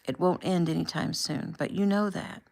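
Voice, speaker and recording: A woman voicing a young man on deployment, speaking softly and tenderly, with a low, gravelly tone. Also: fairly even intonation, normal speed. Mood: warm. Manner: soft, quiet, affectionate.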